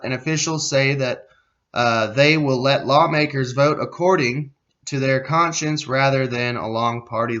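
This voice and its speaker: Reading from a news piece, this American podcaster keeps veering into profane sarcasm and occasionally loses track of where he was. He speaks at medium pitch with a bright, forceful tone, though the audio sounds dull.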